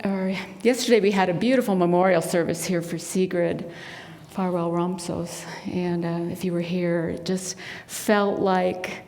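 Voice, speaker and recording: A woman speaking to a spiritual center congregation, telling stories and acting out the people in them. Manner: animated storyteller, acts out quotes in a high bright voice. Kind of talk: sermon talk with storytelling. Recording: long hall reverb.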